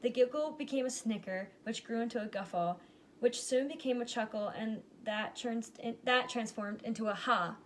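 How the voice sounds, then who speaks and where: A woman's voice: a little high, normal speed, a little hiss or hum. Woman reading a rhyming storybook aloud. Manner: lively storybook reading with plain character voices. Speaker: reader. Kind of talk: reading a picture book aloud.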